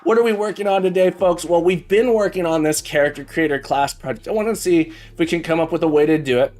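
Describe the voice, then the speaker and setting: A man's voice: on the high side, fast, a little mellow. A man teaching programming on a live stream, chatting casually and joking as he greets viewers by name. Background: faint background music.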